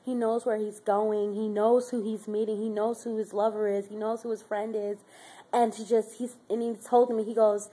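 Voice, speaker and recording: A woman's voice: medium pitch, level tone, normal speed, warm tone, breathy edge. A woman in her twenties telling a heartfelt personal story in a casual vlog, rambling with many fillers and growing more emotional as she talks. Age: 20s. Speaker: caregiver. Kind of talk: personal faith vlog testimony.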